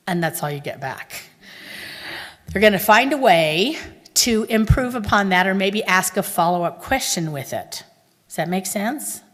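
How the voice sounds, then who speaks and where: A woman from Texas with a Texan accent speaks at a conference in a chatty, animated way. She tells stories and asks her audience questions. Her voice has an ordinary middle pitch and carries a long reverb from a large hall. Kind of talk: conference talk.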